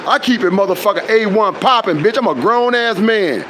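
A man rants with a high-pitched voice, swearing in nearly every line. His delivery is confrontational and addressed straight to viewers, and he often stalls on fillers before pushing on. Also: expressive, fairly quick, hardly any pauses, noisy background. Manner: confrontational, profane, trails into fillers. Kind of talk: heated direct-to-camera rant.

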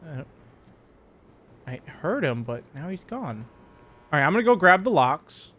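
A man's voice: on the high side, sing-song, normal speed, fairly bright tone. Jumpy, joking young man playing horror. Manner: jumpy, joking, laughs often. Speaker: gaming youtuber. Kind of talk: horror game commentary.

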